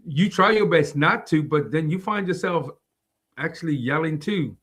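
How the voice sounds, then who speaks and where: Guy with a higher voice on a faith talk show, keeps restarting words as he talks. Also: animated, moderate pace, fairly bright tone. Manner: repeats words as he searches for them. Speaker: podcast co-host. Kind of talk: casual faith discussion.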